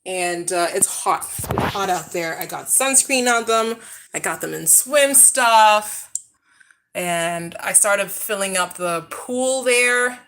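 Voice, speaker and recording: A woman's voice: mid-range voice, expressive, slow, fairly bright tone. A woman in her thirties chatting casually on a live stream at home, talking to viewers and calling out to her kids in the backyard. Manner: chatty, scolding her kids between asides. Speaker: vlogger. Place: at home, outdoors near a backyard pool.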